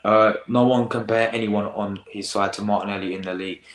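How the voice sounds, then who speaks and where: Low-voiced slangy teen lad streaming. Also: male voice, brisk, hardly any pauses, echoey room, low-quality recording. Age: teens. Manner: excitable, rambling, slangy. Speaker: football reaction host. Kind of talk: casual live-stream chat.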